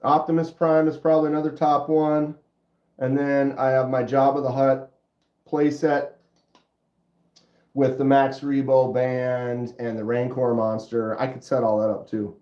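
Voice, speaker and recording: A middle-aged man with a stuffy nose hosting a casual livestream, chatting with viewers in a laid-back, drawn-out way. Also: mid-range voice, flat delivery. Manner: laid-back, drawn-out, says dude and bro. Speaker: livestream host. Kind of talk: casual livestream chat reading comments. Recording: roomy, dull lo-fi sound.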